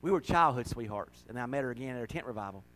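A man's voice: mid-range voice, lively intonation, quick pace, poor audio. Folksy preacher, middle-aged man. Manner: folksy, emotional, with laughs and sudden loud rises. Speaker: pastor. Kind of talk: sermon.

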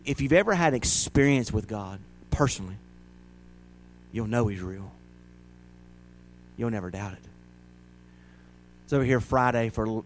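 A male pastor with a fairly low voice preaches a folksy, conversational sermon in church, frequently rising to loud, dramatic shouts as he acts out a crowd. There's a slight hiss or hum.

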